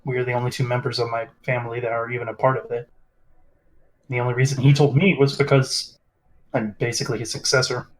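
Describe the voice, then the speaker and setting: A man voicing a formal, courteous male field agent in a tabletop role-play, speaking with polite, measured phrasing. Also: medium pitch, flat delivery, natural voice, poor audio. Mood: earnest. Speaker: game master voicing a character.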